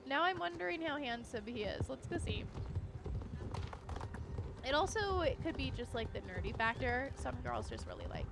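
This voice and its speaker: A young woman streaming a game, chatting casually and giggling while she thinks out loud. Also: high-pitched, big pitch swings, normal speed, gravelly, noisy background. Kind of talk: casual gameplay commentary.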